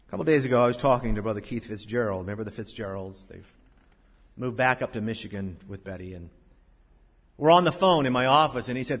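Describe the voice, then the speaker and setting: Husky-voiced preacher in a reverberant hall. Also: male voice, medium pitch. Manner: animated preaching, swinging between loud emphasis and quiet asides. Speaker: pastor. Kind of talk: sermon. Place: large church sanctuary. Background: congregation in the room.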